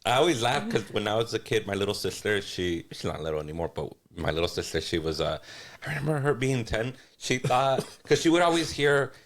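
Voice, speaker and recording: A man's voice: fairly low pitch, sing-song, a little fast, hardly any pauses. A man in casual podcast chat, telling funny stories, laughing often and slipping into Spanish for the people he quotes. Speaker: podcast guest or co-host.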